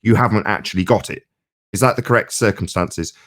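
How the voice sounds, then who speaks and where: A combative man in a live debate who mocks the other side. He slows down and leans hard on single words to drive his point home. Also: on the low side, fairly bright tone. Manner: mocking, combative, slow emphatic stresses. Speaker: debate participant.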